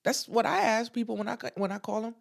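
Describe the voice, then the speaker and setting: A woman's voice: a little high, quick pace, creaky. Blunt, emphatic woman podcaster. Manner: emphatic, repeats phrases for stress; talks straight to listeners, frank and blunt. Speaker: podcast host. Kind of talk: casual motivational podcast monologue.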